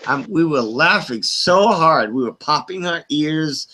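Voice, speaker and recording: A middle-aged man on an open group call, casually telling a long, profane, animated story with quoted voices. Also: a little high, unhurried, slight background noise, poor audio. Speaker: hangout participant.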